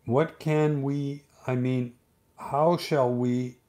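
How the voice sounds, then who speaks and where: A man voicing a gentle, simple-minded teddy bear in a bedtime storybook reading, soft and hesitant. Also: mid-range voice, steady tone, very slow.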